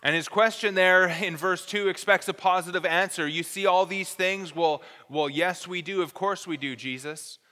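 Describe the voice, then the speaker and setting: A man preaches with a high, bright voice and teaches earnestly, stressing key words. His tone is smooth and clear. A long reverb trails each phrase, as in a large hall. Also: moderate pace, hardly any pauses. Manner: earnest, explanatory teaching with careful emphasis. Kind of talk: expository sermon.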